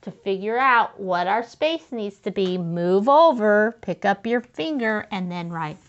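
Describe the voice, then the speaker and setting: A woman's voice: medium pitch, expressive, measured pace, lo-fi sound. A woman teaching young children to write sentences, patiently sounding out letters and words and often praising them. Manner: encouraging praise. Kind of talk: slow step-by-step writing lesson for young children.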